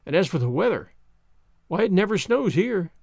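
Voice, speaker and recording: A man reading a storybook puts on a higher voice for an earnest young wife who pleads passionately. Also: very animated, a little fast, dry recording, studio quality. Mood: pleading.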